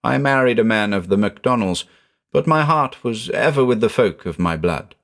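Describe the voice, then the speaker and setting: A man reading the part of a stern, somber old woman with a deep, powerful voice and archaic speech. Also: lively intonation, normal speed, gravelly, fairly bright tone.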